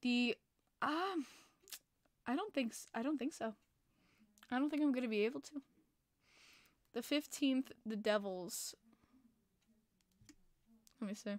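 Casting: woman, upbeat stream host, a bit high-pitched, swears casually, dry studio sound. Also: a little slow, pauses often, no room sound. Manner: excitable, swears freely, laughs often. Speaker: hockey podcast host. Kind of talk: casual live-stream chat reading viewer comments. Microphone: plugged-in desk microphone.

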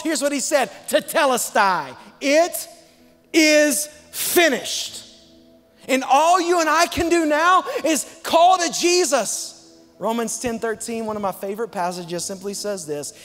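A guest pastor from Texas preaching an emphatic sermon and calling on the congregation to answer back, rushing some phrases and stretching out others. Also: male voice, very high-pitched, fairly bright tone. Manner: emphatic, call-and-response with the congregation; swings between fast and slow, drawn-out emphasis. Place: large church sanctuary. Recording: long church hall reverb.

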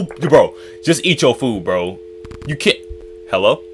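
A man's voice: sing-song, slow pace, a little hiss or hum. A man playing a horror game and talking his viewers through it in casual, slangy chatter. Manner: reads game dialogue aloud in a lower voice, then reacts loudly. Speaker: gaming YouTuber.

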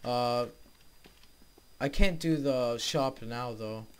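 A man's voice: mid-range voice, takes it slowly, clean tone. A young man hosting a let's play, casually commenting on his game and talking to his viewers, easily frustrated but upbeat. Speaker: gaming video host.

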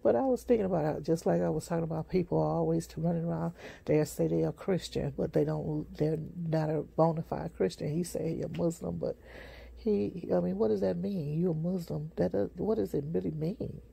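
A sleepy street preacher tells a rambling testimony, full of restarts and fillers. The voice is husky and breathy with heavy gravel, and its tone is dark and mellow. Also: mid-range voice, fairly even intonation. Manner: repetitive, halting, many fillers and restarts. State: sleepy, yawning.

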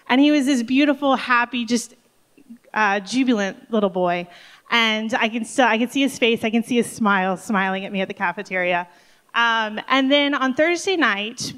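A woman's voice: on the high side, a bit bright. A woman who directs a summer camp, telling a heartfelt story with emotion at a church service. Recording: long hall reverb.

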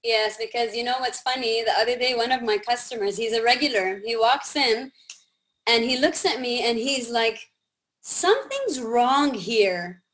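Lively high-voiced woman telling stories. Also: normal speed. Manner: animated, acts out quoted dialogue, laughs often. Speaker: podcast guest. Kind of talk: casual storytelling.

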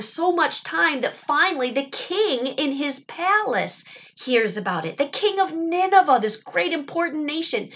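Animated, higher-voiced woman storyteller. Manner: animated, expressive, with explanatory asides. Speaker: children's Bible storyteller. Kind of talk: storytelling to children.

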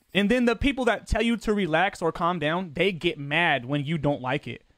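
A man's voice: on the high side, unhurried, fairly bright tone, dry recording, studio quality. A man streaming a football video game, chatting casually with his viewers in loose, profane slang, his voice jumping up when he gets defensive. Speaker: gaming streamer.

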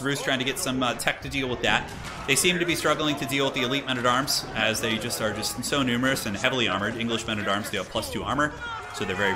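A man giving casual, excitable live commentary on a strategy game tournament, chatting with his stream viewers as he goes. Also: mid-range voice. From United States. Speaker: tournament caster.

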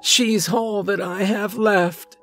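A man's voice: high voice, fairly even intonation, takes it slowly, a bit bright, faint music behind, pitched above the performer's own voice, heavily acted. A man voicing a frantic, weeping old man of about eighty who pleads through tears. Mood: despairing. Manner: wailing, pleading, tearful.

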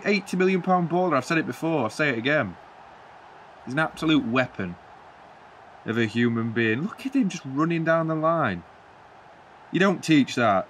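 A gaming channel host gives rambling, jokey play-by-play on a football video game, now and then slipping into mock-commentator flourishes. His voice sits on the high side, with slight background noise.

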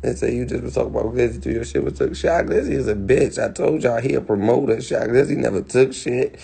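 A man from Washington DC rants into his phone, swearing hard and circling back on the same points. His voice has a gravelly, husky edge, at a middle pitch for a man. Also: a little fast, warm tone. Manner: profane, heated, repetitive. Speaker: livestreamer. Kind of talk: angry livestream rant.

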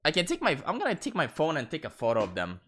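Lively, bright-voiced streamer guy. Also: fairly high pitch, quick pace. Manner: profane, laughing, easily sidetracked. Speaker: gaming streamer. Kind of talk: casual livestream commentary.

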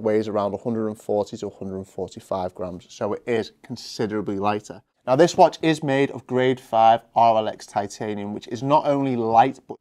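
A man's voice: mid-range voice, mellow. Man reviewing a watch for a vlog. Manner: banter, swears freely. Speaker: watch dealer vlogger.

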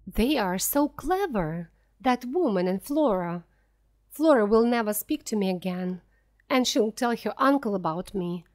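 A woman reading a simplified story aloud as a first-person narrator, clear and deliberate. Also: medium pitch, expressive, a little mellow. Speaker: audiobook reader.

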